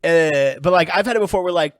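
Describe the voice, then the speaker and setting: A man's voice: on the high side, quick pace, dry recording, studio quality. A man, a guest comedian, telling rambling, profane stories in casual chat, full of filler words.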